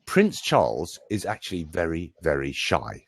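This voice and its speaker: A man's voice: deep voice, huge pitch swings, moderate pace, no echo. A middle-aged British man, a voice coach, chatting in a jokey, show-off way. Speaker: voice coach and speaker. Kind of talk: casual live chat.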